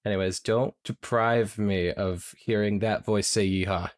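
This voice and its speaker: A man's voice: fairly low pitch, fairly even intonation, measured pace, no echo. A man co-hosting a podcast, bantering in a dry, teasing way. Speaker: podcast co-host. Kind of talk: casual banter while reading.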